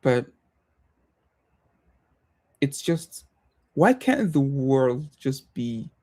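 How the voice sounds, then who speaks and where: A young man with a non-American English accent, talking on a livestream in a reflective, hesitant way, pausing and restarting often. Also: mid-range voice, sing-song, mellow. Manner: thoughtful, hesitant, many pauses and restarts. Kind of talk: casual reflective livestream talk.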